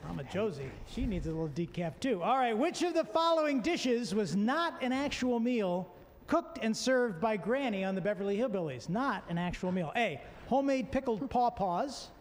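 High-voiced jokey game show host, a man. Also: normal speed, long reverb tail, a little hiss or hum. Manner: jokey, energetic, plugs the sponsor repeatedly. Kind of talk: lively game show hosting.

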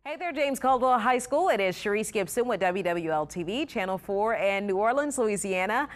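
A television newswoman whose voice sits at a middle pitch. She speaks in an earnest, encouraging way in a recorded message. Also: lively intonation, moderate pace. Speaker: television reporter.

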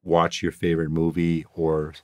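A man's voice: sits low, monotone, moderate pace, a little mellow. A man hosting a podcast, casually interviewing two test takers and affirming their answers with short prompts.

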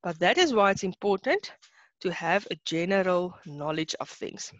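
A young woman with a South African accent teaching an online class, chatty and quick to laugh, mixing in Afrikaans words. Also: fairly low pitch, animated, dry recording, dull audio.

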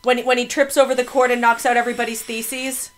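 A woman's voice: fairly high pitch, level tone, quick pace. A woman co-hosting a comedy podcast, playful and teasing, telling anecdotes with laughter. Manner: playful, teasing, bursts into loud laughing shouts. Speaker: podcast co-host. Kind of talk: casual comedic podcast chat.

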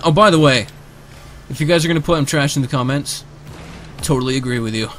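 A man giving casual live commentary over his own gameplay, excitable and quick to burst into shouts and repeated cheers, speaking close to a desk microphone. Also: mid-range voice, a little hiss or hum. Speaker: gamer and video creator. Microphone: desk microphone, sitting close.

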